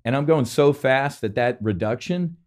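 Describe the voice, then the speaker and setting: A man from New Jersey, a former fighter pilot as a podcast guest, telling a story in an excitable, profane way and laughing often. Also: medium pitch, moderate pace, a little hiss or hum. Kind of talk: animated storytelling.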